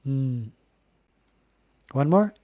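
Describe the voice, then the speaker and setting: A man hosting a live-stream tarot reading, talking in a gentle, encouraging, spiritual way with many fillers and restarts. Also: mid-range voice, expressive, extremely slow, muffled recording.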